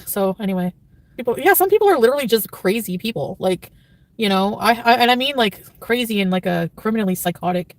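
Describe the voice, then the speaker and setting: A woman's voice: mid-range voice, no echo, distant mic. A woman livestreamer chatting casually and reading her chat, rambling with constant filler words and turning blunt and profane. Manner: blunt and profane when annoyed.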